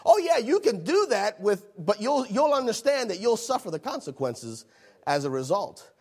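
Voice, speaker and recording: A man preaching a sermon, animated, repeating phrases and acting out the voices in the scripture he reads. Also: sits high, moderate pace, husky.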